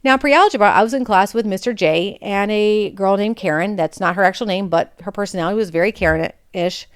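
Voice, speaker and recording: Woman podcast host, candid chatty storyteller, smooth voice. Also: mid-range voice. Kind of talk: personal storytelling.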